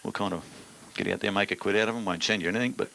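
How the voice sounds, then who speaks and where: A man's voice: lowish voice, steady tone, rapid-fire, gravelly, a crowd in the background, noisy background. A middle-aged Australian man, a singer, chatting on stage in crude, joking, blokey banter.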